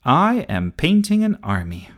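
A man's voice: on the high side, wildly swooping pitch, unhurried, voice pushed up. A man voicing a curious, eager little boy in a storybook reading, asking wondering questions.

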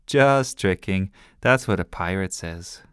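A man voicing a bossy little girl who plays pirate captain, loud and sing-song. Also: deep voice, lively intonation, slow, clear, resonant tone, no echo, studio quality.

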